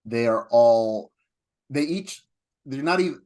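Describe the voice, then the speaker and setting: A man co-hosting a film podcast, talking casually and at length, getting animated when he retells scenes. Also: mid-range voice, takes it slowly. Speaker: podcast co-host.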